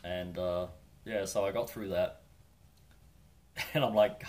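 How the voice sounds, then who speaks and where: A man's voice: sits low, fairly even intonation, slow, pauses often, darkish tone. A New Zealand man telling a laid-back, rambling, wry story from his long-distance hike. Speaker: hiker vlogger. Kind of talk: casual storytelling.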